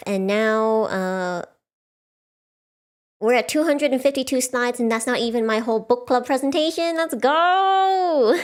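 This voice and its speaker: A woman chatting casually as the host of a livestreamed book club. She is chatty and bubbly, laughs often, and talks into a desk mic. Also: on the high side.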